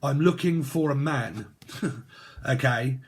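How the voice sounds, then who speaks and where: Taking his time, a British tarot reader speaks in a mid-range voice with a breathy edge. His casual reading wanders by free association, peppered with crude humor and laughter.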